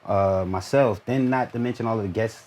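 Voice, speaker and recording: A man in his forties from Newark, an actor guest telling relaxed anecdotes in a casual interview, with lots of "you know". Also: on the low side. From Newark, New Jersey. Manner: laid-back, drawn-out anecdotes full of "you know".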